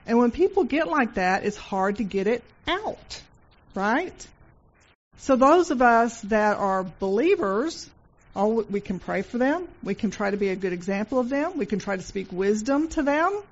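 A woman's voice: on the high side, lively intonation, a little slow, muffled recording. A woman giving an informal Christian devotional talk, telling stories earnestly and repeating phrases for emphasis. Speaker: Christian speaker.

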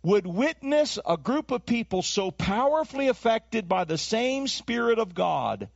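A man preaching a sermon as pastor, animated, dropping into acted voices and to make his points. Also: high voice, unhurried, creaky, no echo. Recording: dull lo-fi dry recording.

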